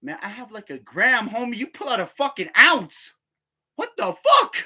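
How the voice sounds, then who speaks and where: Casting: bright-toned guy, meandering and profane, laughing through his own stories. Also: very high-pitched, huge pitch swings, normal speed, breathy edge. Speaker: vlogger. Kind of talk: casual rambling storytelling.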